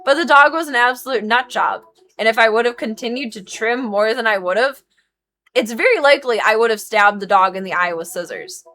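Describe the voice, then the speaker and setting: A woman in her thirties, a streamer and dog groomer, chats casually on a live stream, frank, emphatic, and swearing freely. Her voice is fairly high and sharp, and she talks fairly quickly.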